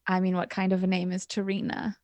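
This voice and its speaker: A woman's voice: mid-range voice, monotone, fast, a little mellow, no echo, close to an everyday voice. A woman voicing a dreamy, offhand adventurer in a tabletop game. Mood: airy.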